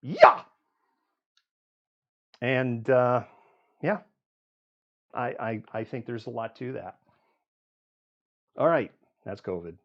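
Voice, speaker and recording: A man's voice: medium pitch, unhurried, long pauses, highs cut off. A man hosting a live news show, reeling off statistics with frequent "um"s and running commentary. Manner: reels off statistics with frequent fillers.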